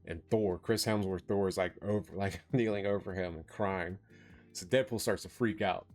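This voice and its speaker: A man's voice: deep voice, fairly even intonation, moderate pace, a little mellow, faint music behind. A man casually recapping a movie plot for a review vlog, rambling with lots of fillers. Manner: rambling, filler-heavy, laughs while retelling.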